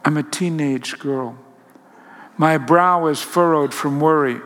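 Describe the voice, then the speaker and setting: A man voicing a soft, pleading teenage mother. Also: fairly high pitch, slow pace. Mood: pleading, fearful. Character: frightened lonely teenage mother, young woman. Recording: long hall reverb.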